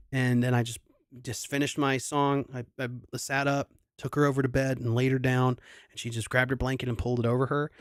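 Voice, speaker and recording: A man's voice: mid-range voice, dry recording, studio quality. A young adult man, a singer hosting a livestream concert, chatting casually and rambling through a sentimental story with many restarts.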